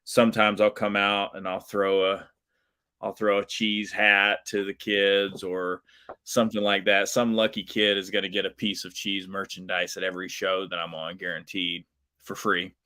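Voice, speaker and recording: Bright-voiced man telling a story. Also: deep voice, normal speed. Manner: animated, chatty, lots of fillers. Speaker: professional wrestler, guest. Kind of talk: casual storytelling in an interview.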